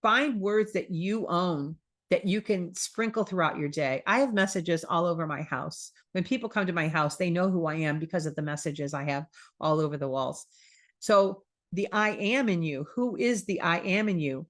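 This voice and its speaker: A woman's voice: lowish voice, expressive, normal speed. A woman hosting a spiritual wellness talk, chatting casually, repeating phrases and acting out quoted self-talk.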